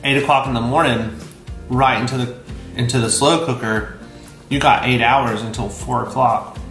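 Very deep-voiced woman, dry and laid-back. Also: fairly even intonation, moderate pace, soft background music. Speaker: co-host taster. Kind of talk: casual kitchen chat. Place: home kitchen. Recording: roomy kitchen echo.

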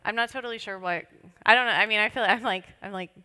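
Bright, clear-voiced woman chatting. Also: mid-range voice, rapid-fire. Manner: chatty and upbeat, laughs often, many "like" fillers. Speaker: podcast co-host. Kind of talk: casual podcast chat. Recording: long reverb.

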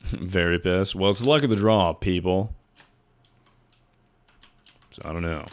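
A man's voice: low-pitched, a little slow. A man streaming live, chatting casually with his viewers in a rambling, joking way with plenty of swearing. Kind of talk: casual livestream chat.

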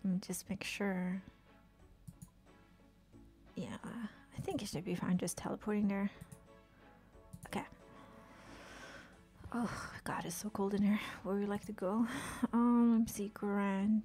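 Husky, mellow-voiced woman streamer. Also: medium pitch. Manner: chatty, swears casually, talks to game characters; often drops to a whisper. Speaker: game streamer. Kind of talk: casual live-stream chat while gaming.

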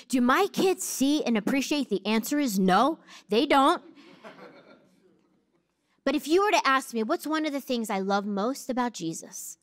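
High-voiced woman preaching with comic flair. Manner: animated storytelling with comic asides. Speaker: pastor. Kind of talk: sermon. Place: church stage.

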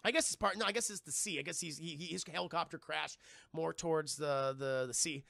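Male streamer, very gravelly, bright edge, dry close sound, swearing excitedly. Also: fairly high pitch, a little fast, dry recording. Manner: profane, excitable, keeps addressing chat. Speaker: live streamer. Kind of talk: casual film recap on a live stream.

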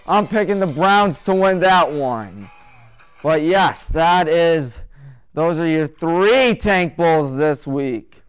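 Smooth-voiced man making sports picks. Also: on the high side, animated, slow, faint music behind. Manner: joking, opinionated, with sarcastic team nicknames. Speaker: sports talk show host.

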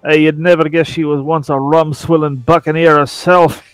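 A man voicing a worldly, rough-talking male seafaring adventurer with a folksy put-on drawl, reading game dialogue. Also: a little high, little pitch movement, moderate pace, no room sound, natural voice.

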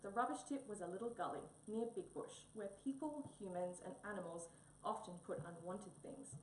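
A woman reading a children's picture book aloud in an expressive storybook manner. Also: mid-range voice, moderate pace. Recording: echoey room, mic a bit far, faint hum.

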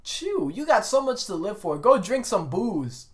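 Excitable slangy woman reacting out loud. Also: mid-range voice, a little slow. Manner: excitable, slangy, talks back at the screen; frequent exclamations and laughter. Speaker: reaction channel host. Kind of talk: casual anime reaction commentary.

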